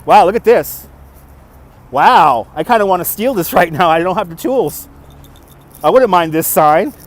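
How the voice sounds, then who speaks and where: A man's voice: high voice, expressive, unhurried. A man hosting a casual walking livestream on city streets at night, chatting, laughing often and answering viewer comments, recorded on a phone on a gimbal. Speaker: livestream host. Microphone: phone on a handheld gimbal. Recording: faint traffic noise.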